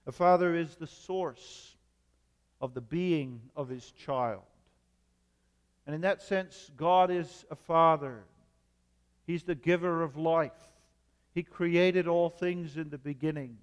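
A man preaching a sermon as a pastor, measured, with emphatic repetition. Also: on the high side, clean tone, in a large hall.

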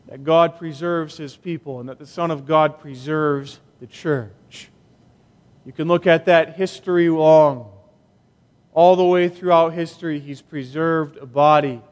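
A male pastor preaching a sermon in a slow, emphatic way with long pauses, in a church sanctuary. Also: fairly high pitch, long reverb tail.

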